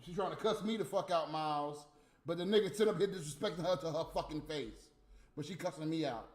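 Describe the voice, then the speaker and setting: High-voiced cursing man ranting. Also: lively intonation, a little fast, echoey room. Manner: blunt, cursing, exasperated. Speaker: livestream host. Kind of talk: profane off-the-cuff rant.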